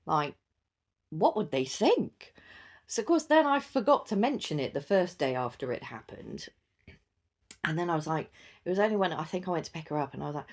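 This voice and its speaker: Chatty mum, low voice. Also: female voice, very animated, a little fast, darkish tone. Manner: chatty, laughs often, many fillers. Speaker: podcast host. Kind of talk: casual solo chat.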